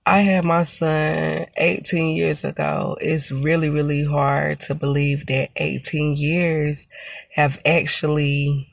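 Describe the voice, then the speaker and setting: A woman's voice: sits low, flat delivery, slow pace, vocal fry, dry recording. A woman in her thirties telling a personal story to her camera, reflective and full of "you know" and "um". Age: 30s. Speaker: mother and vlogger.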